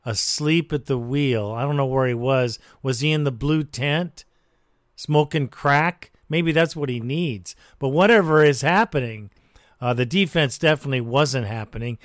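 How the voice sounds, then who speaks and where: A man hosting a sports call-in radio show, giving blunt, measured commentary. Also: mid-range voice, dry recording, studio quality.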